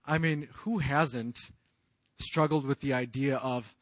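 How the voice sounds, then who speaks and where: A man in his thirties preaching a sermon in an earnest, confessional way, moving from hushed lines to loud raised outbursts. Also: mid-range voice, slow, no echo. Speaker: pastor.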